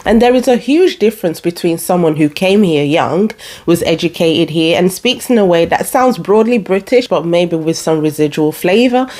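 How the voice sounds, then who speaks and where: A woman's voice: on the low side, expressive, normal speed, darkish tone. A woman giving firm, blunt opinion commentary to camera as a video essayist.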